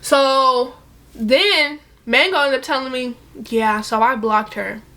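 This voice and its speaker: A young woman telling a casual storytime, animated and profane, acting out the other people's lines in bursts. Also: high voice, slow pace.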